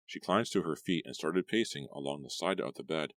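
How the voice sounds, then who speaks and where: A man narrating an audiobook story with expressive storytelling. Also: a bass voice, a little fast, hardly any pauses, dry recording, clean studio sound. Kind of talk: scripted narration.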